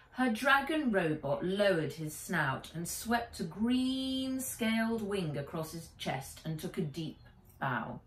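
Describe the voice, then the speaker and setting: A woman author reading her children's book aloud in an expressive, animated way, recording in a small shed. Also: medium pitch, slow. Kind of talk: storybook read-aloud. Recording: echoey room, mic a bit distant.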